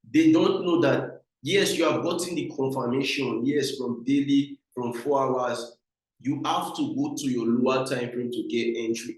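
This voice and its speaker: A man with a Nigerian English accent giving a trading lesson, emphatic and repetitive, often calling his viewers guys. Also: medium pitch. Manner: emphatic, repeats points, addresses viewers as guys. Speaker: trading mentor. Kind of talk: instructional talk. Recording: very echoey room.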